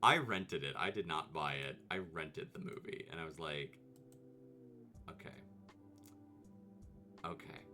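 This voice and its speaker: A man hosting a casual vtuber video, rambling and animated, laughing and jumping into high mock voices as he talks. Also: normal speed, few pauses, music in the background. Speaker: vtuber host.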